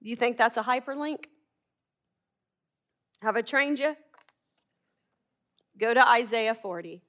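Emphatic woman preacher, slightly high voice. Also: takes it slowly, long pauses, fairly bright tone. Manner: emphatic, asks the listeners rhetorical questions. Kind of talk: sermon with scripture reading.

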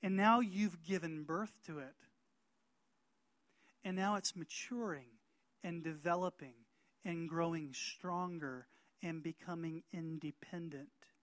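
A middle-aged man preaching a sermon as pastor, emphatic and rising to loud calls for amen. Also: fairly high pitch, takes it slowly, no echo.

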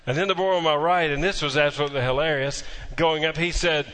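A man's voice: a little high, steady tone, fast, a bit bright, clean tone, in a large hall. A man preaching a sermon as pastor, telling a humorous story before moving into emphatic preaching.

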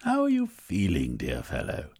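A man voicing a jovial, upbeat gentleman who keeps calling his friend dear fellow. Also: sits low, huge pitch swings, moderate pace, husky, full character voice. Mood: cheery. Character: jovial, cheery gentleman companion.

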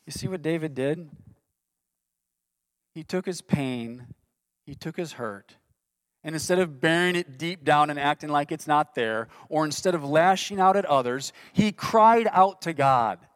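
A man's voice: a little high, animated, a little slow, clear, resonant tone, no room sound. A man preaching a sermon in an earnest way, reading scripture aloud with rising intensity. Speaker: pastor.

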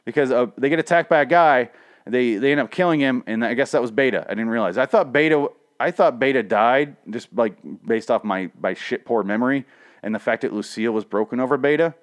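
A man's voice: medium pitch, animated, quick pace. A man giving a casual solo review, rambling and profane, with frequent restarts. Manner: swings from ranting to mumbling self-deprecation. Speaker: comic and TV reviewer.

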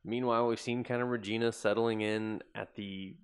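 A man's voice: lowish voice, fairly even intonation, moderate pace, smooth. A man in casual podcast chat about a movie, chiming in with agreement and adding plot details, swearing freely. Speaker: podcast co-host.

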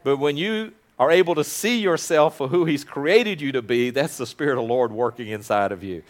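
With a mid-range voice and a brisk pace, a pastor leads his congregation in a sermon. It moves from loud, fervent prayer to hushed, intimate remarks, and he has listeners repeat his words.

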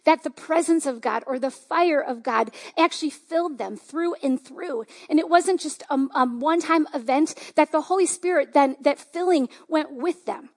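A woman's voice: high-pitched, moderate pace, few pauses. A woman pastor giving a conversational, enthusiastic sermon with lots of fillers.

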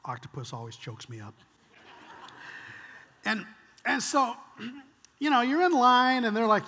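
An older man preaching a sermon, conversational and animated, acting out quoted lines and dropping to hushed whispers. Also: very high voice, a little slow, long pauses, in a large hall. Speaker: pastor.

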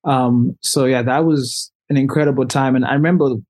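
A man's voice: medium pitch, moderate pace. Chatty young man telling a story. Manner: animated, loose, heavy use of "like". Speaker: musician guest. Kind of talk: casual storytelling interview.

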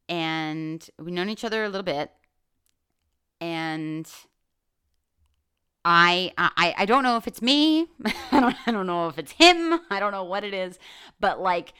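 A woman with a lowish, sharp, clear and resonant voice hosts a solo podcast. She talks candidly in a casual monologue, swearing plenty, saying "like" a lot and often restarting her sentences.

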